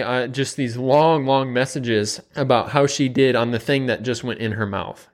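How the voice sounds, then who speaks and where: A man's voice: mid-range voice, moderate pace, few pauses. A man, a nutrition coach, telling a story in a casual monologue, rambling with many fillers and repeats.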